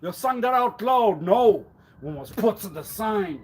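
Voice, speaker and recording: A man rambling on a live stream, repeating himself and swinging suddenly between loud and quiet. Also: high-pitched, lively intonation, takes it slowly, slightly rough. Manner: erratic, repetitive, with sudden swings in loudness. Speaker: livestreamer.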